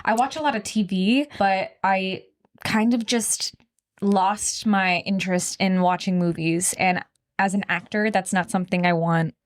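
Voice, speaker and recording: A woman's voice: mid-range voice, steady tone, unhurried. A young adult woman co-hosting a podcast in casual chat, rambling with fillers and laughing often. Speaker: podcast co-host.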